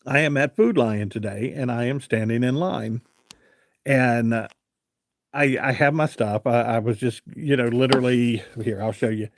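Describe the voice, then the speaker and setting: A man's voice: mid-range voice, moderate pace, no room sound, clean studio sound. A man hosting a live chat, telling a rambling everyday story with lots of fillers and "I said" asides. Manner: chatty, rambling with fillers and repeated "I said". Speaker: livestream host.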